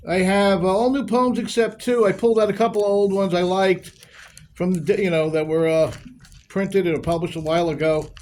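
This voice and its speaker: High-voiced male poetry show host. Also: steady tone, a little mellow. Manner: loose and halting, with restarts. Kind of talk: casual introduction to a poetry reading.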